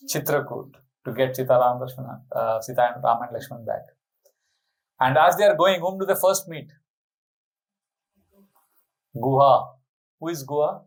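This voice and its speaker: A man's voice: on the high side, poor audio. Man telling a sacred story as a sermon. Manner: animated storytelling, rhetorical questions to the audience. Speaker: spiritual speaker.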